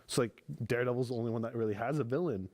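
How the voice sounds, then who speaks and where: A man's voice: mid-range voice, racing, a little mellow. A young man co-hosting a casual podcast chat, agreeable and analytical. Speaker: podcast co-host.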